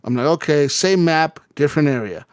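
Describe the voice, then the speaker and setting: A man's voice: animated, brisk, clear, resonant tone, no echo, clean studio sound. Profane rambling man telling a gaming story. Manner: rambling, profane, acts out quotes with jumps in pitch. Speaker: podcast co-host. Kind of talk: casual storytelling chat.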